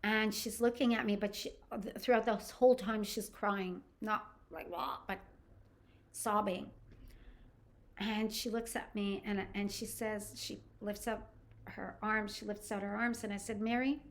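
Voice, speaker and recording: A woman's voice: mid-range voice, flat delivery. An older woman from Canada hosts a personal storytelling podcast. She speaks earnestly and stops often to restart her sentences. Now and then she acts out what other people said. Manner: earnest and halting, with restarts and acted-out quotes. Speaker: podcast host.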